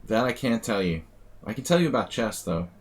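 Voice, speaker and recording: A man's voice: lowish voice, big pitch swings, brisk. A man streaming chess games live, answering chat questions in a dry, offhand way between moves. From United States.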